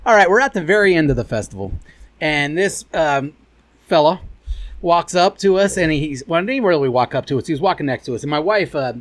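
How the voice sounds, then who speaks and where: A man's voice: fairly high pitch, fairly quick. A middle-aged man hosting a podcast, telling profane stories in casual banter and mocking the people in them. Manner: animated, profane storytelling with mocking quoted voices. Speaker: podcast host.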